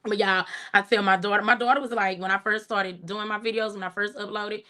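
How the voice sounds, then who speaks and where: A middle-aged woman with a country Texas drawl hosts a laid-back livestream, talking to her viewers like family. Her voice is bright and clear, sitting in an ordinary middle range for a woman. She talks in a soft, relaxed way and breaks into easy laughter over the comments. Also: medium pitch, a little fast. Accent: Texan. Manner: chatty, reads viewer comments aloud with laughter. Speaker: livestream host. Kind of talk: casual livestream chat.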